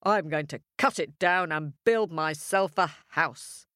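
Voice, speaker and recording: A woman voicing a cheerful, boastful young pig from a storybook, in a bright, cheery manner. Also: sits low, unhurried, dry recording, studio quality.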